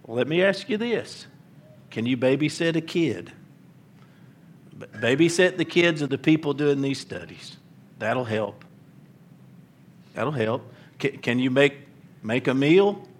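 A man's voice: medium pitch, expressive, measured pace, pauses often. Earnest preacher man. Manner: earnest storytelling, rhetorical repeated questions, stumbling restarts. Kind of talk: sermon.

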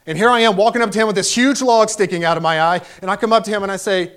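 A man's voice: sits high, fairly even intonation, rapid-fire, a bit bright, smooth. A man preaching a sermon, telling a personal story with emphatic delivery that rises to raised exclamations.

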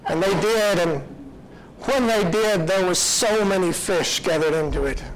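Slow, earnest man preaching a sermon. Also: high-pitched, slight background noise, poor audio. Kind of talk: sermon storytelling.

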